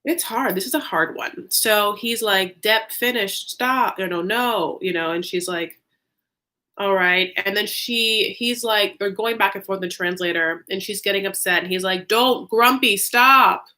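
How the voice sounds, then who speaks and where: Chatty bright-voiced woman vlogger. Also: medium pitch, moderate pace, few pauses. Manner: chatty, heavy use of "like", animated asides. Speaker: YouTube reality-TV recapper. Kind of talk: casual gossipy recap vlog.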